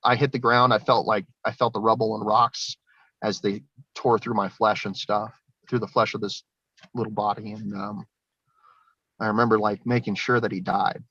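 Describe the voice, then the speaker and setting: A man's voice: on the low side, flat delivery, normal speed, fairly bright tone, dry recording. Rambling, profane man on a dull line. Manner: rambling, swears often, laughs between lines. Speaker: guest. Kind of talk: casual spoken testimony. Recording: dull lo-fi sound, dry.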